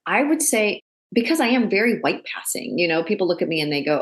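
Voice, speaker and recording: A woman from Canada, an actor and director, chatting in an interview and telling animated stories with quoted voices. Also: mid-range voice, quick pace. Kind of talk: casual interview.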